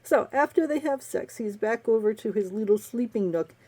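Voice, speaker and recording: A woman's voice: fairly high pitch, expressive, normal speed, warm tone. Sarcastic woman reviewing a book. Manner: sarcastic, laughs often. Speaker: book reviewer and romance novelist. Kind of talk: casual spoken book review.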